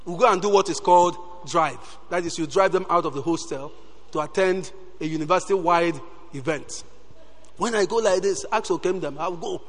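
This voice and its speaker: Fairly quick and full of energy, this sermon comes from a man with a high, bright, ringing voice who keeps interjecting praise, especially "Hallelujah." Long reverb gives the feel of a large church.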